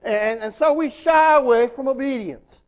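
A middle-aged man preaching a sermon in an animated way, acting out little voices in his asides. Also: extremely high pitch, moderate pace.

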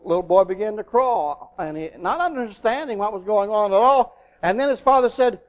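A man with a very high speaking voice delivers a sermon. He is animated and acts out other voices as he goes. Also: moderate pace, few pauses. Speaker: preacher.

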